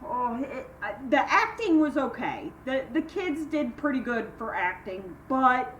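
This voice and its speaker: A woman's voice: big pitch swings, a little slow. An older woman vlogging from home in casual chat, rambling through stories and acting out what people said. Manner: chatty, rambling, acts out quoted voices with sharp jumps in pitch. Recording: echoey room, mic at a distance, faint hiss.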